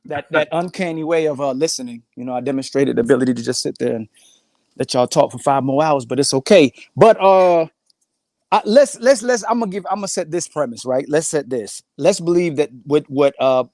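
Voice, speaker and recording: A man's voice: fairly high pitch, expressive, fairly quick, darkish tone, dry recording. Slangy man laying out an argument. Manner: argumentative, builds a premise step by step, slangy. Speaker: panel guest. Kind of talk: casual panel debate.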